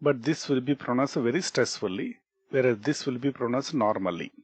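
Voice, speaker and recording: A programming instructor with an Indian English accent narrates a screen-recorded coding tutorial in a mid-range, fairly quick voice with lively intonation and a breathy edge, recorded dry. He explains patiently, repeats key points, restarts words, and keeps checking in with "okay" and "right?".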